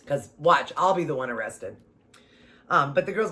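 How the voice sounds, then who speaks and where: A woman vlogger telling a personal story to her viewers in a casual, animated and emphatic way. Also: deep voice, moderate pace.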